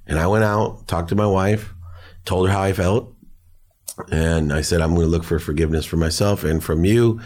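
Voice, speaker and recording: A man's voice: low-pitched, moderate pace, darkish tone. A middle-aged man, a podcast guest, telling personal stories in an earnest, emotional way. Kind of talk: personal storytelling.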